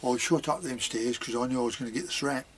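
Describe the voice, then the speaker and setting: A man's voice: medium pitch, fast, a little hiss or hum. An older man, rambling through childhood memories with lots of fillers and asides. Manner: chatty, many fillers and asides, dialect grammar. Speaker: vlogger telling childhood memories. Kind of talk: rambling spoken reminiscence.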